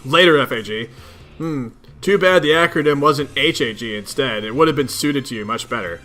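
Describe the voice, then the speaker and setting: A man voicing a cranky, foul-mouthed teenage male troll leader who rants in gruff exasperation. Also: medium pitch, moderate pace, bright, forceful tone, soft background music, pitched below the performer's own voice, natural voice. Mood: ranting. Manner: gruff, exasperated ranting with heavy swearing.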